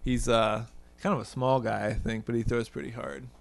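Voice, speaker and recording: A man's voice: mid-range voice, little pitch movement, moderate pace, creaky, dry recording. A man co-hosting a casual sports podcast, chatty and joking, laughing often. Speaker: podcast co-host.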